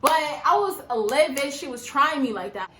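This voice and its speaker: Brief: woman, twenties, New York, story-time vlogger, animated and slangy, slightly high voice, echoey room. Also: normal speed, noisy background. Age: 20s.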